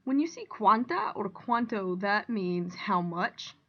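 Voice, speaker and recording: Woman, language teacher, clear deliberate explaining, mid pitch, slightly muffled lo-fi recording. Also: big pitch swings, a bit bright. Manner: clear, deliberate explaining with example sentences read aloud. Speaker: Spanish teacher. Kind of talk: recorded classroom lesson.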